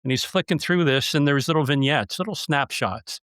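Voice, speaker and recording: A man's voice: on the high side, normal speed, a bit bright, smooth, dry recording, clean studio sound. A man hosting a podcast interview, telling stories in a chatty, joking way. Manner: storytelling, jokey and chatty. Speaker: podcast host.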